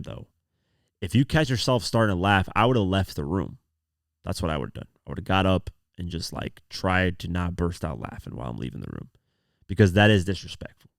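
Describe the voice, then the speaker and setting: A man's voice: deep voice, dry recording, clean studio sound. A young man hosting a podcast, telling a story in a loose, rambling way with lots of fillers. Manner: rambling storytelling, frequent "you know" and "man". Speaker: podcast host. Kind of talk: casual solo commentary.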